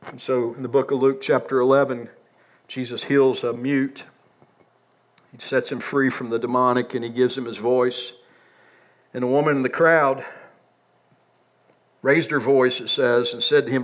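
A man preaching a sermon as a pastor, emphatic, swinging from loud peaks to quiet asides. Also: mid-range voice, little pitch movement, moderate pace, pauses often. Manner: emphatic, rising to loud peaks then dropping soft. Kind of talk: sermon with closing prayer.

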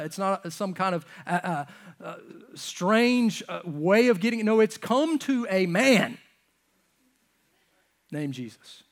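A man preaching a sermon from a church stage, swinging between loud emphatic lines and hushed, near-whispered ones. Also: high-pitched, lively intonation, slow pace. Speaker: pastor.

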